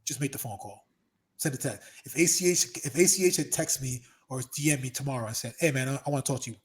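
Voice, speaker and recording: A man's voice: medium pitch, fast talker. A middle-aged man hosting a casual podcast chat, telling stories animatedly and acting out other people's lines. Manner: animated storyteller, acts out quotes loudly. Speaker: podcast host. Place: Los Angeles.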